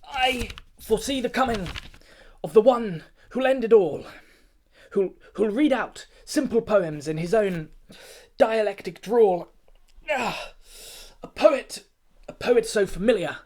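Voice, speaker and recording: A pompous, snobbish poetry gatekeeper, as a man puts him on, declaiming rhymed verse with grand self-importance. His voice sits a little high, measured and rhythmic like an official giving a briefing. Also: animated, a little mellow, full character voice. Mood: rapturous. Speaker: comic poet. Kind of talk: comic rhyming spoken-word satire.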